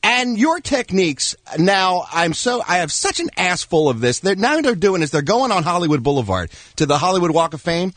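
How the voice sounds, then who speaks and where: A man's voice: sits high, sing-song, normal speed, few pauses, a bit bright, no echo. A man hosting a radio talk show, ranting and mocking with sarcasm.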